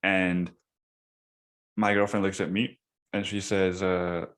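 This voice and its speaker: A man's voice: sits low, little pitch movement, takes it slowly, a bit bright, clean tone. A man hosting a podcast, telling a story in a casual, profane way and saying "dude" often. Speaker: podcast host.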